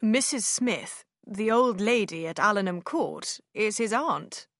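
A woman voicing a jolly, hearty country gentleman in a storybook reading, cheerful and boisterous. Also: mid-range voice, expressive, unhurried, dry recording, clean studio sound.

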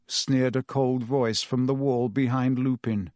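A man reading an audiobook as narrator, in a measured storytelling manner. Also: mid-range voice, steady tone, darkish tone, dry recording, clean studio sound. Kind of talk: scripted narration.

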